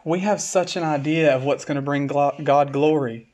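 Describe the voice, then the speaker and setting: With a fairly high pitch and a darkish tone, a male pastor reads scripture during his sermon. He slows down to emphasize key words, then builds momentum through repetition.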